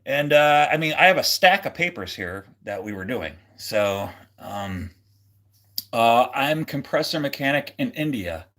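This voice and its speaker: A man talks casually to his livestream chat at an ordinary mid pitch. He rambles and jokes, stopping and restarting his sentences and filling the gaps with "um," "uh" and "like.". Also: expressive, a little slow, fairly bright tone. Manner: rambling, many fillers and restarts; jokey, goofy. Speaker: livestream host.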